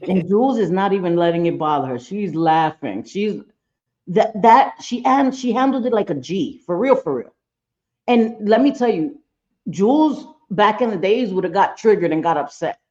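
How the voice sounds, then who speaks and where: A woman's voice: medium pitch, expressive, normal speed, darkish tone, muffled recording. A woman hosting a live reaction stream, casual and blunt, swearing freely and repeating her points for emphasis. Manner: blunt, profane, emphatic repetition. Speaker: reaction channel host. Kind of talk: casual commentary on a played clip.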